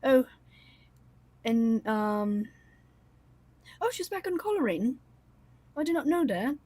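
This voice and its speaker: A woman host chatting casually with her viewers on a livestream, rambling warmly with many fillers and little laughs. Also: high voice, very animated, slow pace, dry recording. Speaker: coloring channel host.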